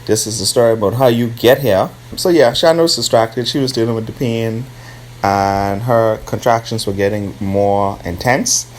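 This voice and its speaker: A young man with a fairly low voice tells a personal story. His delivery is casual and unhurried, full of small asides. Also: slight background noise. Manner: relaxed, conversational, with fillers and asides to the baby. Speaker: partner telling a birth story.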